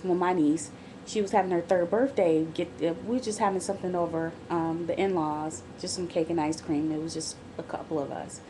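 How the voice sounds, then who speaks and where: A woman's voice: fairly low pitch, darkish tone, a little hiss or hum. Chatty woman vlogging from bed. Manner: chatty and candid, with frequent restarts and asides. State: on bed rest while pregnant. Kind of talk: casual pregnancy diary vlog.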